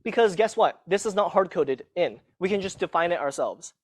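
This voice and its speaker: A man with a high, animated voice teaches a live university class in a lecture hall, talking a little fast. He's laid-back and self-mocking, frequently checking in with students by tagging on "okay?".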